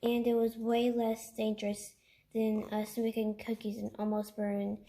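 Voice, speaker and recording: Woman reading a story aloud, higher voice, halting with restarts, light background hiss. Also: monotone, vocal fry, dark tone. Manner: halting, stumbles and restarts, breaks off to chat. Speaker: reader.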